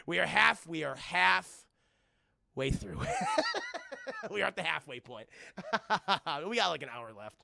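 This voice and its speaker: Hyped male streamer reviewing a film; high, lively voice with a gravelly edge, swearing and laughing. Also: slow pace, long pauses. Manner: excitable, profane, laughs often, chatting with viewers; acts out scenes in exaggerated voices.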